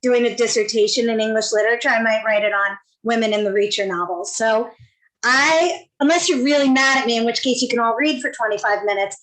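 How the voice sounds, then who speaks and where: Woman, slightly high voice. Chatty panel moderator on a video call. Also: fairly quick, fairly bright tone, rough recording. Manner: chatty, rambling questions. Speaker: panel host.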